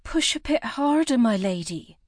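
Woman narrator voicing a gentle, urging midwife for an audiobook, close and dry. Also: expressive, measured pace, no room sound. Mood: coaxing. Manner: high, coaxing and gentle. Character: kindly old village midwife, tender and urging.

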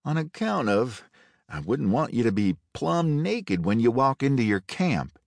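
A man's voice: medium pitch, very animated, measured pace, gravelly, dry recording, voice pushed up. A man voicing a blunt Confederate colonel who barks orders at his raiders with a dry drawl. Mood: commanding.

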